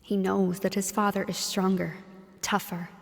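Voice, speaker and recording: A woman co-hosting a let's play, reading the game narration aloud in an even, measured way with casual asides. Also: medium pitch, gravelly, long reverb tail.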